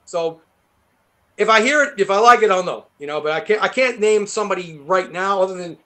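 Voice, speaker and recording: A man's voice: sits high, animated, fairly quick, bright, forceful tone. A man, a guitarist guest in a casual interview, rambling, swearing and laughing as he tells stories. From New York. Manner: swearing, rambling storyteller who laughs often.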